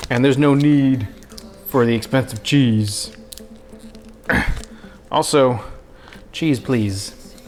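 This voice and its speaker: A young man hosting a cooking livestream from his home kitchen, joking with viewers in a goofy, self-mocking way. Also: fairly high pitch. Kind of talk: casual cooking livestream chat.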